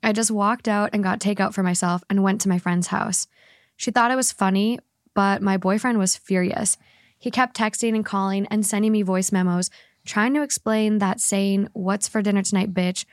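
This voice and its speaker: Woman podcast host, mid pitch, dry close mic, quick animated storytelling. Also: no room sound. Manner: animated, laughs often, reads quickly. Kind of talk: casual podcast chat, reading a story aloud.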